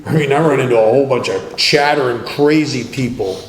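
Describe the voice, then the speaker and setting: A man giving a twelve-step workshop talk, telling stories in a wry, joking, conversational way and dropping to a hush for emphasis. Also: medium pitch, fairly quick. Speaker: recovery workshop speaker. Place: meeting hall. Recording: roomy hall with faint noise.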